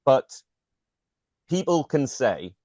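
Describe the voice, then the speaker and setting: A man, a guest talking quickly with lots of fillers. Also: mid-range voice, very animated, warm tone, no room sound, lo-fi sound. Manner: quick, filler-heavy, uses "like" and "you know what I mean". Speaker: guest, magician and actor. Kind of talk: casual conversation.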